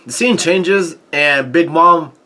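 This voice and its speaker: A man casually recapping a comic chapter as a channel host, halting often with fillers and tossing in crude asides. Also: a little high, bright, forceful tone.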